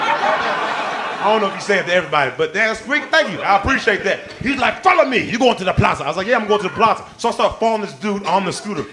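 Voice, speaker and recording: A man doing stand-up, telling a story in an animated way, acting out other people's lines and laughing as he goes, on a club stage with a handheld mic. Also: high voice. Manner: animated, acts out voices, laughs mid-line. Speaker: stand-up comedian. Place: comedy club stage with a live audience.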